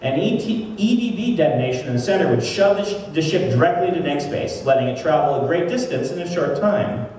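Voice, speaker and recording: A man's voice: a little high, expressive, fairly quick, few pauses, darkish tone. A man, an author, chatting casually with many fillers at a convention session and then reading his fiction aloud. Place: convention hall. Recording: distant echoey hall, faint noise.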